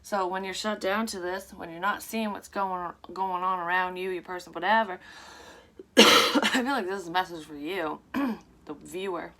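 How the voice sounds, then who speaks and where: A woman's voice: fairly low pitch, moderate pace, bright, forceful tone. A woman giving a casual, rambling psychic card reading to her viewers. She talks frankly and swears freely. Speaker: psychic tarot reader. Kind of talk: casual tarot reading to camera.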